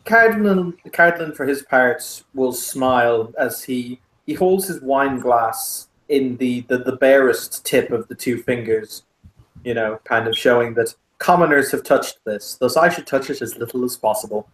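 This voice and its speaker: A man playing a tabletop role-playing game, narrating his character's actions in a relaxed, rambling way. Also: mid-range voice, a little slow, reverberant, a little hiss or hum, low-quality recording. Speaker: player.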